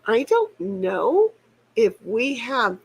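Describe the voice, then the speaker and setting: A woman's voice: fairly high pitch, big pitch swings, drawn-out words, vocal fry, husky, poor audio. A woman hosting a game stream in casual chat, rambling and playful, laughing and swearing freely. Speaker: streamer host.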